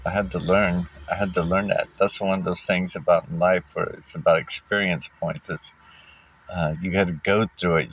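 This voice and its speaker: A man casually telling a personal story, halting often with fillers and restarts and giving wry little laughs. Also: deep voice, gravelly, fairly bright tone, slight background noise. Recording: dull lo-fi recording.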